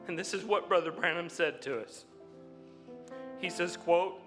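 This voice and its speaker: A man preaching a sermon, laughing often and building up to loud exclamations. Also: sits high, a little slow, long pauses, over music. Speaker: pastor.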